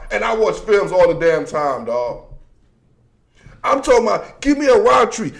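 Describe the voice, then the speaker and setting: A man hosting a casual football commentary show, talking in an animated, slangy, joking way that swings between shouts and mutters. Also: high voice, gravelly.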